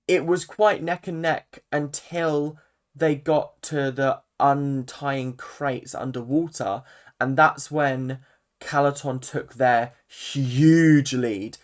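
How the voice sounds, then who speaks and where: A vlogger giving a casual, chatty recap of a reality show, full of fillers and animated asides. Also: mid-range voice. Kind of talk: casual commentary.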